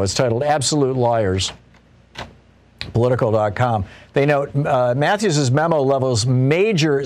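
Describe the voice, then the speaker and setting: A man hosting a political talk show, commenting casually with frequent restarts and mocking asides. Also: mid-range voice. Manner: conversational, restarts often, mocking quoted voices.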